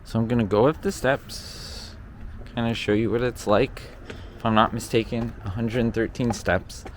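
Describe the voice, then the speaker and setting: A man's voice: medium pitch, steady tone, moderate pace. A man casually narrating an outdoor walking tour of a hillside stairway, chatty and thinking aloud, a little out of breath from the climb, recorded on a handheld camera mic. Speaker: vlogger touring a location. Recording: faint outdoor ambient noise.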